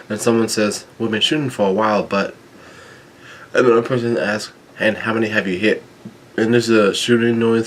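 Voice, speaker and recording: A man reading a comic chapter aloud, stumbling, restarting words and filling pauses with ums. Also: on the low side, steady tone, a little hiss or hum. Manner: halting, with frequent restarts and ums. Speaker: manga chapter reader.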